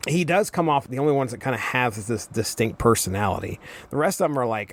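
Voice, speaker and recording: A man's voice: medium pitch, animated, fairly quick. A man hosting a comics podcast, giving casual commentary with wry, rambling, amused asides. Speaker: podcast host.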